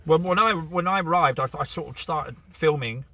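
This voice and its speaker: Outdoors, a vlogger from Bournemouth, England, chats casually to camera and tells stories, restarting now and then. His voice is a little high, bright, and forceful at a moderate pace, and the recording is dry.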